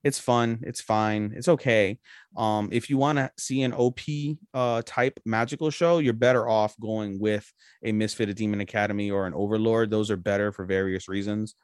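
Man co-host, low voice, dry close sound, rambly casual review chat. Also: steady tone, normal speed, clear, resonant tone, no echo. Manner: rambling, loose and profane, heavy on "like". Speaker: podcast co-host.

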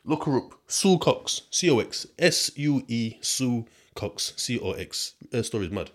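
A man's voice: medium pitch, expressive, a little slow. A young man from the UK, telling a rambling story in street slang on his podcast. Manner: chatty and rambling, street slang, asides to listeners. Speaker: podcast host. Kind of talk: casual storytelling monologue.

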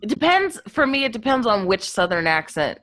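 A woman, an actor and accent teacher, talking casually in an interview with emphatic, animated storytelling. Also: on the high side, fairly quick, dry recording.

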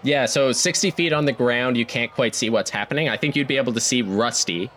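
A man's voice: mid-range voice, fairly quick, fairly bright tone, a little hiss or hum. A man running a tabletop game as game master, narrating with fillers and frequent laughter.

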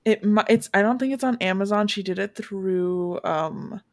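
A woman's voice: mid-range voice, moderate pace, no echo. A young woman chatting casually as a podcast co-host, trailing off with fillers. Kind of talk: casual chat.

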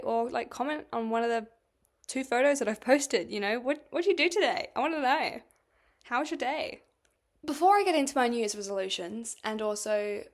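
A young woman hosting a casual solo podcast, telling a story in a chatty, animated way and swearing freely. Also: on the high side. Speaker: podcast host.

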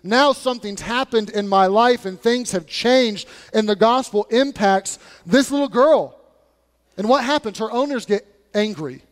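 High-voiced man preaching in a reverberant hall. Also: a little slow. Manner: emphatic, conversational preaching with blunt warnings. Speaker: pastor. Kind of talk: sermon. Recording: long reverb of a large room.

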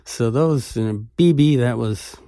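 A man's voice: medium pitch, unhurried, mellow, no room sound, clean studio sound. A man in his sixties telling rambling music-interview anecdotes with frequent laughs. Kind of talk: relaxed storytelling interview.

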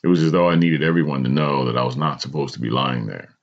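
On a dull, lo-fi recording, a podcast host talks fast in a very deep, steady voice with vocal fry. He dramatizes a personal story as he reads it, stumbling slightly here and there.

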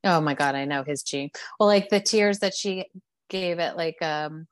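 A woman talks casually as a podcast co-host, voicing strong opinions in a loose, filler-filled way. Her voice sits a little low for a woman. The mic is close and dry. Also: moderate pace, no echo. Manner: chatty, opinionated, many "like" and "you know" fillers. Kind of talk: casual chat.

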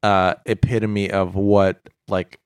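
A man's voice: low voice, flat delivery, slow pace, smooth, dry recording, clean studio sound. A Canadian man guesting on a comedy podcast as a futurist, speaking with confident, mock-authoritative assurance. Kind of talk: casual comedic chat.

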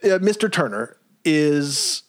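A podcast co-host chatting casually about a TV episode, playful and quick to laugh. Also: medium pitch, very animated, dry recording, clean studio sound. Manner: playful, jokey, laughing often. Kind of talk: casual chat recapping a TV episode.

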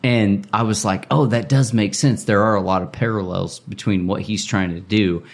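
A man co-hosting a podcast, telling a story in an animated, casual way. His voice sits somewhat low, and he keeps acting out the other people's lines. Filler words run all through his telling. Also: normal speed. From Indiana. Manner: animated, acts out quoted speech, many filler likes. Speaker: podcast co-host.

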